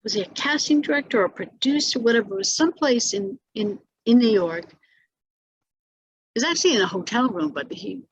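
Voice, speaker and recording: A woman's voice: a little high, expressive, normal speed, dull audio, a little hiss or hum. An older woman being interviewed about her acting career, telling stories with many restarts, fillers and laughs. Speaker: actress interviewee. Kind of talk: casual interview recollection.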